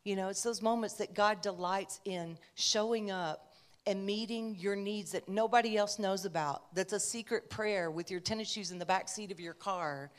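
A woman's voice: medium pitch, moderate pace. A woman preacher giving a conversational sermon, telling a personal story with chatty asides.

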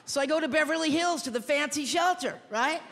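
A woman comedian doing a brassy, punchy stand-up routine on a TV studio stage, using a handheld mic, with a loud crowd cheering. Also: high voice, a little fast, creaky. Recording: reverberant hall with loud crowd.

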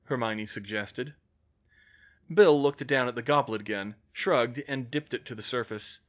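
A man reading fan fiction aloud as an audiobook, with measured storytelling. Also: medium pitch, highs cut off. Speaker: audiobook reader.

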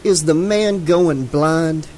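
A man voicing a polite, sinister middle-aged gentleman who talks in a silky, patronizing way. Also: on the high side, slow, a little hiss or hum. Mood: smooth, probing.

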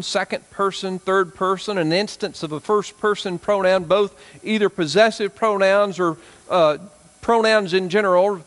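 A man from South Arkansas with a Southern drawl, a pastor preaching a sermon, rising to emphatic peaks and dropping to hushed, slow lines. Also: sits high, long reverb tail. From South Arkansas, USA.

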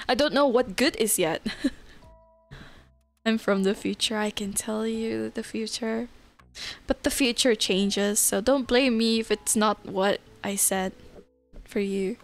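Slow-talking woman streamer, higher voice. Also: vocal fry, faint music behind. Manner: laughs often, chatty and relaxed; reads and answers chat messages. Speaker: live streamer. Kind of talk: casual chat with viewers.

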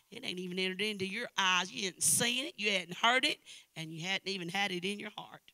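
An older woman from Knoxville, Tennessee, with an East Tennessee Southern accent, preaching a church sermon with emphatic repetition that swings from loud to hushed. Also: mid-range voice, a little fast, creaky, no echo. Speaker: guest preacher. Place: church service.

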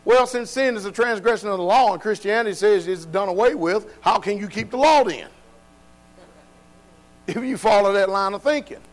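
A man preaching a sermon, dropping to quiet, low passages and then building to loud, shouted exhortation. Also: normal speed, rough recording.

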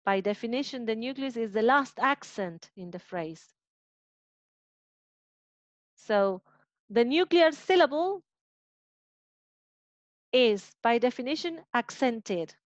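Teacher explaining over a muffled video call. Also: female voice, fairly high pitch, no echo. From Argentina. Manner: explanatory, repeats and rephrases points. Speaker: university phonetics teacher. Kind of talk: online lecture explaining intonation.

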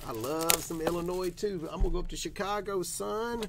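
A man's voice: high-pitched, moderate pace, creaky, few pauses, noisy background. A man from Tennessee, hosting a casual card-opening stream in a rowdy, profane, whooping way. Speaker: card breaker host. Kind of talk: casual live stream chat.

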